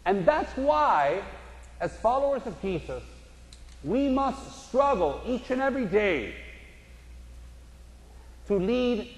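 A man delivers a sermon from the pulpit with a high voice. He tells stories and slips into the voices of the people in them. His voice rings out through a large church with a long echo. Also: very animated, takes it slowly, long pauses. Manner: storytelling preacher, acts out voices in anecdotes. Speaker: pastor. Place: church sanctuary. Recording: echoey church hall.

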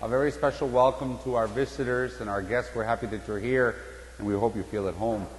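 A priest giving a casual, storytelling sermon, telling a joke before turning to the gospel. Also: male voice, mid-range voice, fairly quick. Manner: storytelling, animated in quoted voices. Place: church. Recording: echoey church hall with long reverb.

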